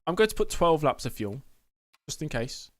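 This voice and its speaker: In a dry recording, a man with a slightly high, very animated voice talks at a normal speed. He's livestreaming a racing game in front of a green screen indoors, joking with chat through a pretend press conference and addressing viewers as "mate."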